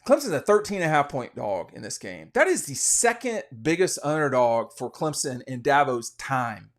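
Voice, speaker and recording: A man's voice: mid-range voice, big pitch swings, moderate pace. A man hosting a casual college football podcast, giving rambling, opinionated betting commentary with frequent restarts. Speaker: sports podcast host.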